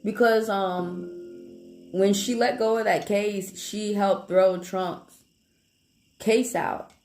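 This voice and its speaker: A woman, a live tarot reader chatting casually with viewers in a blunt, profane, animated way. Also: medium pitch, slow pace. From Atlanta, Georgia, US South. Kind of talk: casual livestream chat with viewers. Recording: echoey room with background music.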